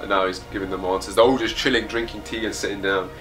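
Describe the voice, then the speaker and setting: A man's voice: lowish voice, steady tone, fast, fairly bright tone, faint music behind. A man hosting a casual live reaction, reading a comic aloud and commenting in a chatty, enthusiastic way with hesitations.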